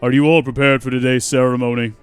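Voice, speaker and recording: A man's voice: mid-range voice, level tone, fast, clean tone, faint music behind, lightly acted. A man voicing a dignified older father in a game, formal and dry, with a teasing edge. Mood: dryly teasing.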